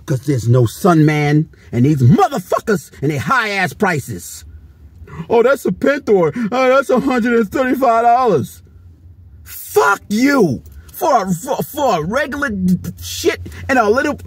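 A man's voice: a little high, very animated, measured pace, breathy edge. A man filming a casual toy-hunting vlog on a handheld camera, swearing a lot and ranting heatedly. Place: convention floor and stores, indoors.

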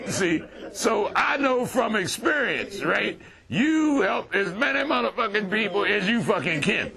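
A man's voice: sits high, a little slow, creaky, a crowd in the background. An older man, telling profane, streetwise stories to a recovery group. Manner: profane, streetwise, animated storytelling with laughter. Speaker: relapse prevention speaker. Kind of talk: storytelling talk to a group.

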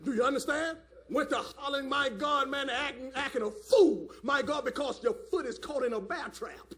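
A man's voice: very high voice, normal speed, few pauses, a bit bright. A man preaching a fiery sermon at a church service, hollering and repeating "my God, man". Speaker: elder preaching.

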